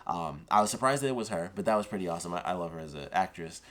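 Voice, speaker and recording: A man's voice: sits low, animated, very fast. A man giving a casual, rambling spoken review of a TV episode, full of "like" and "of course.".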